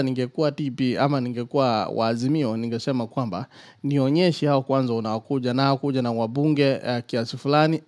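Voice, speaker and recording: A man giving deliberate political commentary over a remote call, switching between Swahili and English. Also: medium pitch, darkish tone. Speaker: guest commentator.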